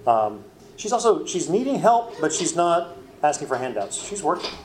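A man's voice: on the high side, very animated, normal speed, slight background noise. A man with a Southern US accent leading a Bible study class in a church classroom, explaining earnestly and asking questions. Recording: roomy room echo.

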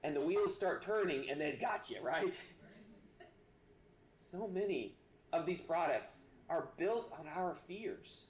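A man preaching a sermon, earnest and halting, with many restarts. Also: a little high, animated, reverberant. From United States. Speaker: pastor.

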